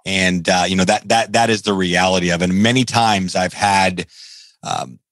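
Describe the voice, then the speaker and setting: A man hosting a podcast, chatting and telling stories in a lively way with many fillers. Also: sits low, normal speed, no room sound. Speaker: podcast host. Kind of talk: casual interview chat.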